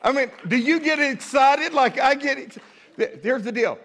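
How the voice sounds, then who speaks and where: A man, preaching a sermon in a folksy, humorous way, often restarting his sentences and dropping to a quiet voice for asides. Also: extremely high pitch, moderate pace, some chatter behind. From American South. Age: 50s. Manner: drops to a quiet, intimate tone for asides. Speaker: pastor.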